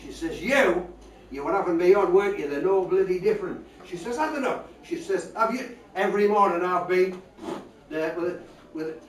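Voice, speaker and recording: A man's voice: high-pitched, a little fast. Older man singing music hall songs. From North East England. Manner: sings comic choruses, rattles through a dialect joke. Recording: echoey room from far off.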